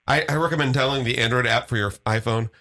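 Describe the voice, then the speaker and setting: Bright-voiced man rambling through radio plugs. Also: mid-range voice, fast. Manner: rambling, joking station announcements with fillers. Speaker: radio show co-host. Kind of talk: crude casual radio banter. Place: community radio studio.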